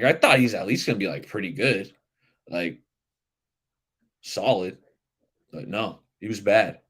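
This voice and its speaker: A man with a fairly low voice hosts a casual live sports stream. He talks in a loose, rambling way and keeps turning to answer viewers' comments. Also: a bit bright, husky. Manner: chatty, rambling, reacts to chat comments. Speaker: livestream sports show host.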